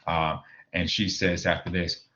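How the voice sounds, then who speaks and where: Male teacher, deep voice, recorded lecture on a dull laptop mic, chatty with lots of "um". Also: flat delivery, measured pace, pushed and bright, a little hiss or hum. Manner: explains with frequent fillers and "right?", reading quoted lines aloud.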